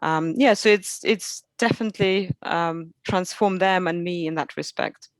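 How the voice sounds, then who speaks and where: A woman's voice: lowish voice, measured pace, dry recording. A mother, a guest on a podcast, telling chatty anecdotes full of fillers. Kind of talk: casual interview storytelling.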